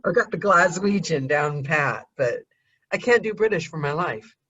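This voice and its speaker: An American woman hosting a casual call, talking quickly and laughing often. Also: sits low, expressive, fairly bright tone, breathy edge, highs cut off. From United States. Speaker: podcast host. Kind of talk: casual video-call chat.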